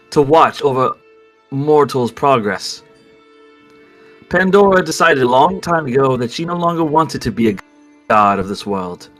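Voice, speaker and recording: Man putting on a smug playful villain, calm taunting tone, theatrical, faint music behind. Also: mid-range voice, poor audio.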